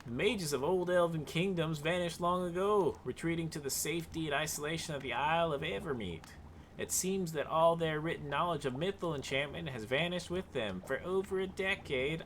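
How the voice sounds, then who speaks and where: Man voicing an old male wizard, reclusive, haughty, put-on Southern drawl, slow and lofty, video game. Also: a little high, a bit bright, a little hiss or hum, voice pushed up. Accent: put-on American Southern.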